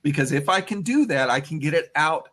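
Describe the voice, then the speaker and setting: Husky, lively man reacting on a video call. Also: on the high side. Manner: sympathetic, quick reactive questions. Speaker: co-host. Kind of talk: casual chat.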